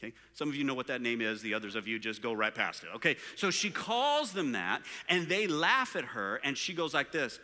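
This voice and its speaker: A man's voice: mid-range voice, sing-song, fairly quick, hardly any pauses, bright, forceful tone. A man preaching a live sermon, joking and asking the room rhetorical questions. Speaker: pastor. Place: large church hall. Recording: long hall reverb.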